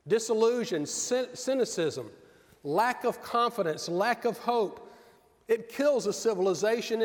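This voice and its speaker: A middle-aged man preaching a sermon in an earnest, measured way with pauses. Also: high-pitched. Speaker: pastor. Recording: long reverb of a large hall.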